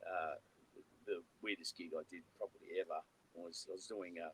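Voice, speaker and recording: A man's voice: sits low, steady tone, normal speed, a bit bright, a little hiss or hum, poor audio. Man, co-host, rambling anecdotes, acted-out quotes, faint ambience behind. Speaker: co-host, musician telling stories. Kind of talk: casual chat, storytelling.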